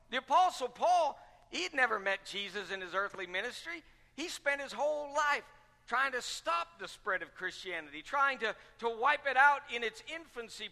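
A man's voice: very high-pitched, bright, forceful tone. A man pastor preaching a sermon with fervent, repetitive rhetorical questions. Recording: long reverb of a large hall.

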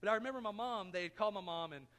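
Bright high-voiced preacher in a reverberant hall. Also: male voice, very fast. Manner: folksy, self-mocking storyteller who acts out quotes. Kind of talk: sermon with personal storytelling. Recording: long reverb of a church hall.

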